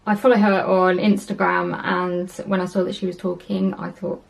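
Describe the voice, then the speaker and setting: A woman's voice: fairly low pitch, flat delivery, moderate pace, creaky. A young woman chatting casually to camera in her vlog, rambling along with plenty of ums and little laughs. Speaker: vlogger.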